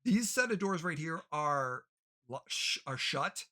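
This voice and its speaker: Lively game master setting the scene. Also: male voice, fairly high pitch, measured pace. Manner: describes scenes, asks for rolls. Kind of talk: narrating a tabletop game.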